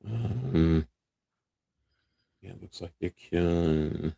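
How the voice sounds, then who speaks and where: A man co-hosting a sports stream in a lowish voice, talking slowly and unhurriedly. He murmurs agreement and trails off as he reads the live chat. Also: vocal fry, warm tone. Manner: laid-back, lots of mm-hmms, trailing off while reading. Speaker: co-host reading the live chat.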